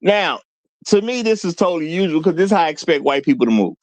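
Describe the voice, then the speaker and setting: Male host of a live commentary show, high voice, laughs often, repeats for emphasis. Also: very animated, fast, dry recording.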